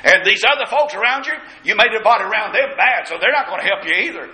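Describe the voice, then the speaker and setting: High, lively male preacher in an echoey church. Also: fast talker. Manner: dramatic preaching, acting out the scripture quotes. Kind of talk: sermon.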